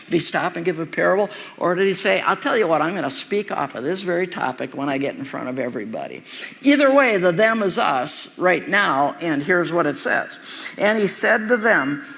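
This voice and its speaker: A man's voice: sits high, lively intonation, moderate pace, vocal fry, bright, forceful tone, long reverb tail. A man preaching a sermon in a loose, conversational way, with asides and repeated words. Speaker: pastor.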